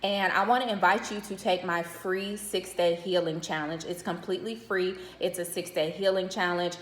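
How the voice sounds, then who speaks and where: A woman's voice: on the low side, steady tone, moderate pace. Earnest middle-aged woman, numbered tips. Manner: often checks in with the viewer. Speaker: widow sharing grief advice. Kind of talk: vlog advice talk. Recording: roomy echo.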